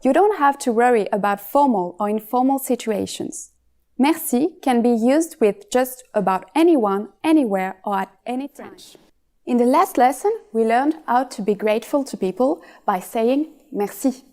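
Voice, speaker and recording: A woman narrating a scripted language lesson in a clear, measured, instructional way. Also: fairly high pitch, animated, darkish tone.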